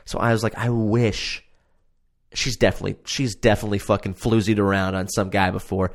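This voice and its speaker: A man's voice: lowish voice, little pitch movement, quick pace, gravelly. A man casually ranting about a reality show he watched, profane, sarcastic and exasperated. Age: adult. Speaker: show reviewer.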